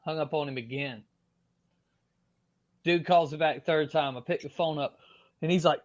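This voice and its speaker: Southern-accented man telling animated stories. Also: a little high, normal speed, pauses often. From Florida, US. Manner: animated, with frequent fillers and swearing. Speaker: podcast guest. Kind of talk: casual storytelling.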